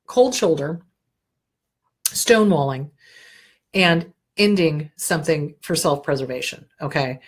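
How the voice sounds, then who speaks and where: Brief: middle-aged woman, therapist host, husky voice, blunt and animated, plays out inner voices. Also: on the low side. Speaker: therapist host answering viewer questions. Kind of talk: casual advice talk.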